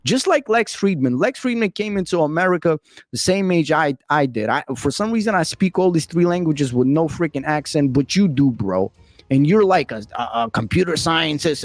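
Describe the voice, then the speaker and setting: A man's voice: a little high, darkish tone. Heated slangy man reacting on camera. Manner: slangy, heated and rambling, full of "bro" and "freaking". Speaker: reaction video host. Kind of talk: casual reaction commentary.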